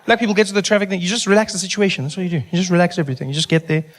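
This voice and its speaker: A man with a South African accent doing stand-up comedy, animated, acting out characters and shouting some lines. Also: high-pitched, rapid-fire.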